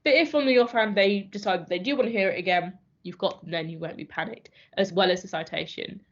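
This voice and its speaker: A young woman from a university mooting society giving calm, reassuring instructional advice with some fillers. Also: mid-range voice, brisk. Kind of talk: instructional training talk. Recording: dull lo-fi recording.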